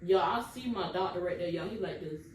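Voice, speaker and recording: Speaking a little fast in a lowish voice, a young woman shares her birth story with viewers on camera, casually and emotionally. Her casual Southern US dialect comes through, and "y'all" comes up again and again. Recorded from a distance, it sounds roomy with faint background noise.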